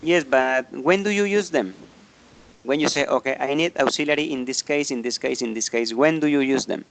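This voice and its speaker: A man's voice: medium pitch, normal speed. A man teaching an online English grammar class, explaining patiently and often checking in with tag questions.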